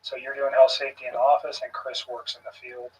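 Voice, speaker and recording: A man questioning someone in a recorded police interview, calm and measured with frequent pauses. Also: medium pitch. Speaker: police investigator. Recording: muffled, distant room recording.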